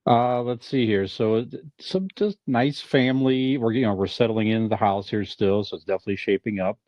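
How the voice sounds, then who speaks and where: A man co-hosting a podcast, speaking softly in short, casual replies. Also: fairly low pitch, brisk, dry recording, dull audio. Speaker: podcast co-host. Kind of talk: casual chat.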